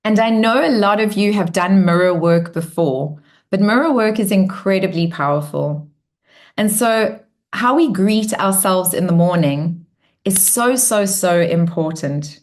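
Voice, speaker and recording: A woman's voice: mid-range voice, expressive, measured pace. A woman hosting a live online coaching session in an upbeat, bubbly way, acting out cheerful affirmations as she talks. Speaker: workshop host.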